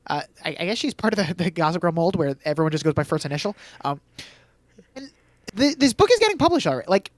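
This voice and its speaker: A man talks fast in a casual podcast chat, his pitch bouncing up and down as he recaps the plot. He tosses in sarcastic asides and laughs often. The sound is dry and close to the mic. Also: sing-song, no echo. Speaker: podcast co-host recapping episodes.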